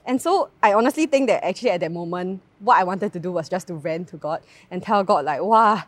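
This devotional talk comes from a young Singaporean woman whose lowish voice carries a Singaporean English accent. Speaking at a quick pace, she recounts a personal story animatedly and chattily, with frequent tag questions, and there's no echo.

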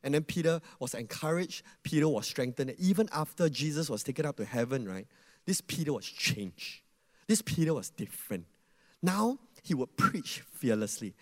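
A man preaching a sermon in an animated way, asking the audience questions and acting out quotes. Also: a little high, moderate pace, long reverb tail.

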